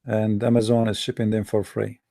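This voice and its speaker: Gravelly, sarcastic male host. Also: on the low side, level tone, a little fast, warm tone, no echo, clean studio sound. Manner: sarcastic, mocking. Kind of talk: livestream talk to an audience.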